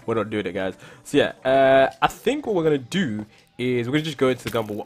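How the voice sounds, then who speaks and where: Excitable young man with a husky voice. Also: medium pitch, fast, faint music behind. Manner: excitable, talks to viewers, repeats "guys", bursts into shouts. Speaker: gaming YouTuber. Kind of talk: casual Minecraft commentary.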